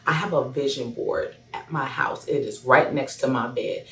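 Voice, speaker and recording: A woman in her thirties, a hairstylist, telling a personal story to camera in a casual, animated way. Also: extremely low pitch, normal speed, faint music behind. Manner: animated, acts out both sides of a phone call. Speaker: hairstylist sharing a testimonial. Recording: echoey room, voice a bit far from the mic.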